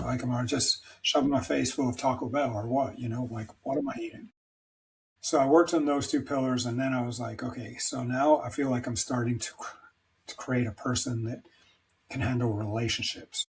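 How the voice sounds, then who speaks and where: A man's voice: mid-range voice, poor audio. Rambling middle-aged man, candid guest. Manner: rambling, emphatic, self-deprecating. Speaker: podcast guest. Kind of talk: candid conversational storytelling.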